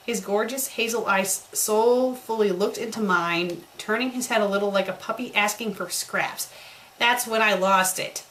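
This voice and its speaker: A woman's voice: medium pitch, normal speed, a bit bright, rough recording. A woman doing a comedic dramatic reading of a bad fan story, breaking off for sarcastic, mocking remarks. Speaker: fanfiction critic.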